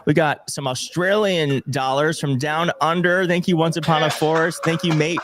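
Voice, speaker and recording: A young man with a fairly high, bright voice hosts a casual live stream, speaking at a moderate pace with fairly even intonation. He reads out viewer messages and donations, thanking donors in an emotional, grateful, slightly fumbling way.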